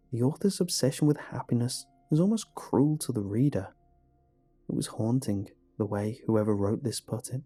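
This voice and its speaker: A man narrating a first-person horror story in a measured, hushed way. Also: mid-range voice, animated, slightly rough. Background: faint music.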